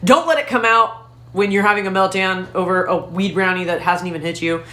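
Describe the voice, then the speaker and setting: A woman comedian telling a profane, animated story in stand-up style. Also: mid-range voice, fairly quick. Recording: roomy echo.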